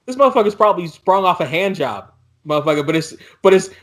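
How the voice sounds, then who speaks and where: A man co-hosting a podcast, telling profane jokes in animated, casual chat. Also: sits high, fast talker. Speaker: podcast co-host.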